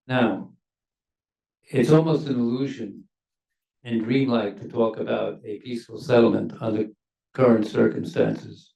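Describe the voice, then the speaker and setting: Gravelly older man, emphatic panel talk. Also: medium pitch, steady tone, dark tone. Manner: measured, emphatic, stresses key words. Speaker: panelist, former ambassador. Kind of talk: panel discussion remarks. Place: university lecture hall. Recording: echoey hall, mic at a distance.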